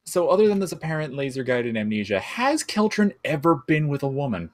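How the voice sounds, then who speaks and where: A man's voice: a little high, sing-song, brisk. A man playing a tabletop game, often stammering and exasperated as he talks in character. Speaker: player.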